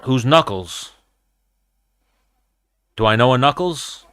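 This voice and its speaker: Bright-voiced man telling fight stories. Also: lowish voice, normal speed, smooth, dry recording, studio quality. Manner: animated, profane storytelling. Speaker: live-stream host and former fighter. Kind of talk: casual live-stream fight chat.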